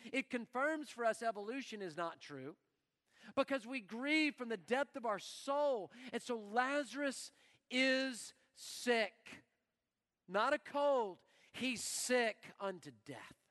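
Dramatic male preacher, high-pitched, church sanctuary reverb. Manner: dramatic preaching, acts out quoted voices, swings from loud to hushed. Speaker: pastor. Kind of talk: sermon.

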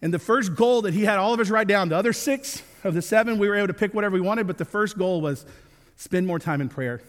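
Pastor, man, 30s, high voice, earnest sermon with jokes, hall reverb. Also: fast talker. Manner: earnest with joking asides. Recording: long reverb of a large hall.

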